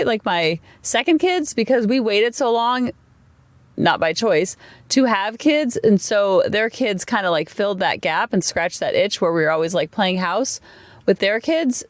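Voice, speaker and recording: A woman's voice: medium pitch, dry recording. A woman in her forties hosting a solo podcast, telling candid stories about her family life in a chatty, open way. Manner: chatty, candid, animated storytelling. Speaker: podcast host. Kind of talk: casual solo podcast monologue.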